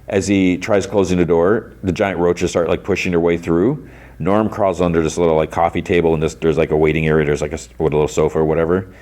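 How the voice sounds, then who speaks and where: Deep-voiced man rambling through a recap. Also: flat delivery, fast, darkish tone. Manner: rambling, heavy on "like" and restarts. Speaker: podcast host. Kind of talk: casual episode recap.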